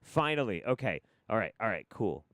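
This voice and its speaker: A man's voice: lowish voice, very animated, normal speed, a bit bright, dry recording, studio quality. A man hosting a live stream, talking casually in a profane, exasperated, rambling way.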